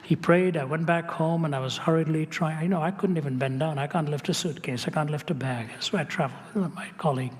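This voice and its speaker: A man's voice: on the high side, fast talker, hardly any pauses, slight background noise. A man telling a personal story in a sermon, earnest and conversational, with wry asides. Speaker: Christian speaker. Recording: reverberant hall.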